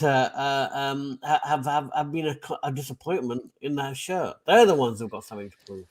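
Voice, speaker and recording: A man's voice: medium pitch, fairly quick, few pauses. Emphatic man ranting as a fan. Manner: emphatic, repeats points for effect. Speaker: podcast co-host and football fan. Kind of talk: passionate fan debate.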